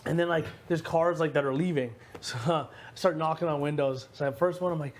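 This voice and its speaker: A man's voice: a little high, brisk, slight background noise. A young man casually telling a story, acting out other people's voices and peppering his talk with "bro" and "like". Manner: animated, acts out voices, says "bro" and "like" a lot. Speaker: houseguest.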